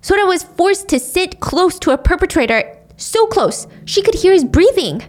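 A woman's voice: extremely high pitch, sing-song, normal speed. A woman casually telling a true-crime story to a friend, with indignant, sarcastic asides.

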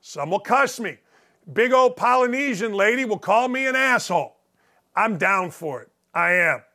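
A man's voice: sits high, bright, forceful tone. Blunt, ranting male sports show host. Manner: blunt, ranting, sarcastic, swears freely. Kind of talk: opinionated sports commentary monologue.

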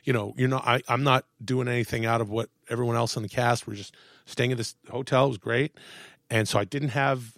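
A man in a casual podcast chat, telling animated stories, swearing freely and acting out what people said. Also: mid-range voice, brisk, no echo, studio quality. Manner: animated storyteller, swears, acts out quotes. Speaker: podcast guest, actor and comedian. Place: podcast studio.

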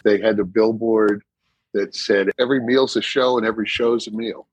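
A man's voice: fairly low pitch, steady tone, normal speed, slightly rough, no room sound, low-quality recording. A middle-aged man from Massachusetts with a Boston accent, telling stories in a casual podcast chat. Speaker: guest actor.

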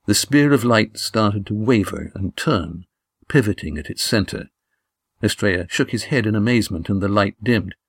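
A man reading a novel aloud as narrator, in a measured, even delivery. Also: lowish voice, husky, no echo, studio quality. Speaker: audiobook narrator. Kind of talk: scripted narration.

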